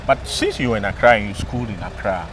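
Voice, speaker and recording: A man with a Ghanaian English accent interviewing a guest on the street, firing off quick, animated questions. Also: fairly low pitch. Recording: clear traffic noise outdoors.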